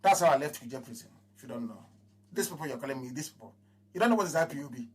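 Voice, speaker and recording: A husky-voiced man with a Nigerian accent speaks live to his followers. He drives his points home through repetition, rising to loud declarations and then dropping to low mutters, with his pitch sitting in a middle range. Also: animated, very fast. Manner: declamatory, repeats phrases, swings between raised proclamations and low mutters. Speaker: movement leader addressing followers. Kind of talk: impassioned live broadcast address.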